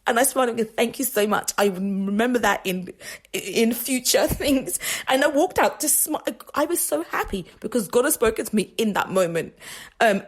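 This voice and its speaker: Her voice is medium in pitch and slightly rough. Hosting a faith radio show, this woman rambles chattily through personal stories in a casual monologue, with frequent laughs and restarts.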